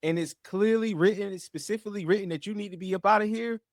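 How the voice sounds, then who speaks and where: A man hosting a commentary show, talking in a slangy, animated way, swinging between low mutters and loud outbursts and repeating himself. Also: fast, no room sound, clean studio sound. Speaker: host. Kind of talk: casual commentary.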